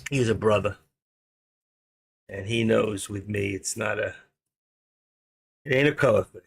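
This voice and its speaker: Gravelly older New man. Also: lowish voice, measured pace. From New York. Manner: rambling, joking, thinking aloud. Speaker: stream host, trader. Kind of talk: casual live-stream chat.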